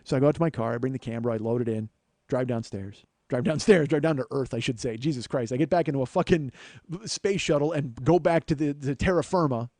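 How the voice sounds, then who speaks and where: A man's voice: medium pitch, fast, no room sound. A man in his forties, a comedian and podcast host, telling a profane story and acting out both sides of the dialogue. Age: 40s. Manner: profane, animated anecdote-telling with acted-out dialogue. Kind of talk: casual comic storytelling.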